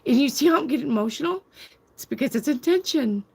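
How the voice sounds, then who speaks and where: This middle-aged woman, a tarot reader and podcast host, runs a casual talk show in a high, creaky, darkish voice with lively intonation and fast delivery. She speaks emphatically, repeats phrases, and lectures her viewers with firm conviction.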